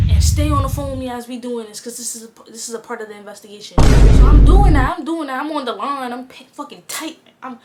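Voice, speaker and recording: A woman's voice: high-pitched, quick pace, hardly any pauses, over loud music. Slangy young woman telling a storytime. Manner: slangy, animated, acts out both sides of conversations. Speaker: vlogger. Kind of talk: casual storytime.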